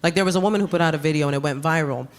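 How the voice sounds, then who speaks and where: A woman with a New York accent performing live stand-up comedy, brash and animated, with sudden loud jumps on her punchlines. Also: sits low, rapid-fire. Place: comedy club stage with audience. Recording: live club recording with room noise.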